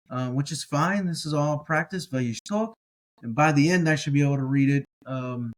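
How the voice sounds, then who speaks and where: A man teaching a relaxed, casual language lesson, carefully sounding out each word slowly and repeating it, with encouraging asides. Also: a little high, rough recording. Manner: relaxed, encouraging, thinks aloud with fillers. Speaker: Hebrew teacher.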